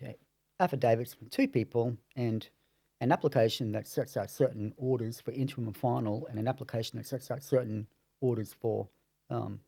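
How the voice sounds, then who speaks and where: A man in the role of a family lawyer walks through court procedure in a measured, explanatory way. His voice is gravelly, husky and dark, recorded dry and close on a podcast mic. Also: mid-range voice, no room sound.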